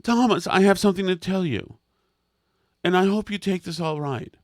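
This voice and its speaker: A man's voice: sits high, moderate pace, dry recording, studio quality, lightly acted. A man putting on a prim, posh young woman from New England who speaks in a formal, genteel way. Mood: prim, polite. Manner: formal, precise diction.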